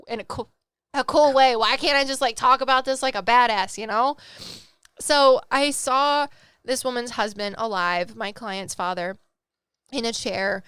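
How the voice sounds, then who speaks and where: This is a female medium telling the story of a psychic reading in a chatty, casual way, where laughter mixes with tears and she becomes tearful at moments. She speaks with a smooth, slightly bright voice on the higher side, captured in a dry recording.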